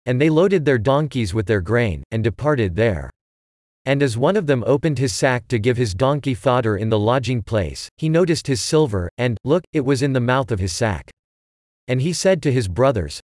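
A man giving a steady, measured scripted reading of scripture. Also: medium pitch, no room sound, clean studio sound. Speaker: scripture reader.

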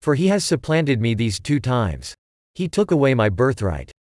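A grown elder son pleads bitterly for his father's blessing, as a man reading scripture voices him. The delivery stays measured and plain. The sound is dry and close. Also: mid-range voice, very animated, darkish tone, no room sound, lightly acted. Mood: pleading.

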